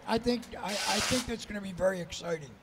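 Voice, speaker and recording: A male co-host with dry, deadpan delivery in loose podcast banter. His voice sits unusually high for a man and has a gravelly fry running through it. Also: fast, noisy background. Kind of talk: casual live podcast banter.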